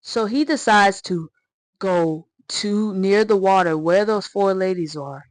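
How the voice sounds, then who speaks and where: A woman chatting through a story time vlog in a slangy, excitable way. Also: medium pitch, unhurried, dry recording, rough recording.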